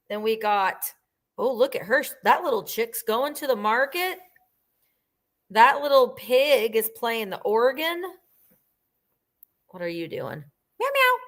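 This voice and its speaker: A woman's voice: fairly high pitch, fairly bright tone. A middle-aged woman hosting a live vintage sale, chatting casually and gushing as she describes each item at length.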